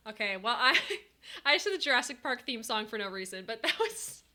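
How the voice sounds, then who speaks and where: A high-voiced woman chatting to her live-stream audience, bubbly and excitable, quick to laugh and quick to tear up. Her tone is bright and sharp, spoken close into a headset mic. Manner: bubbly, excitable, laughing, swings between giddy and teary. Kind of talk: casual live-stream chat.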